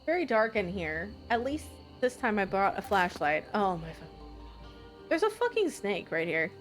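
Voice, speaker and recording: A woman's voice: medium pitch, big pitch swings, normal speed, soft background music. Chatty swearing woman streaming a game. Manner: chatty, swears casually, reads game text aloud. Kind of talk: casual live-stream commentary while playing.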